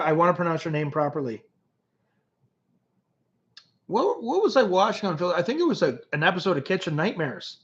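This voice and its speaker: On a casual livestream, a Canadian host reads comments aloud and chats with viewers, rambling through stories with frequent restarts. His voice is on the high side with a fairly bright tone, heard through dull lo-fi stream audio.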